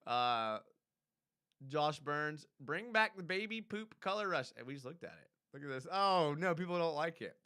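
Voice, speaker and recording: A man's voice: on the high side, moderate pace, clear, resonant tone. A man hosting a fan live stream, casually reading viewer comments aloud and reacting with laughs. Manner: animated, laughing, reads chat aloud.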